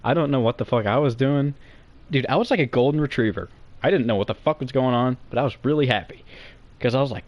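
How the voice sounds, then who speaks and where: A young man telling a comic story to friends in a rambling, profane, excitable way. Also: medium pitch, fast.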